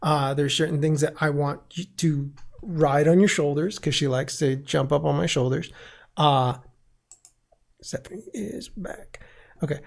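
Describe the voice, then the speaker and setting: Gravelly man hosting a jokey chat. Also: on the high side. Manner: laughing often, animated with quick impressions. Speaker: host. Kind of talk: casual panel chat.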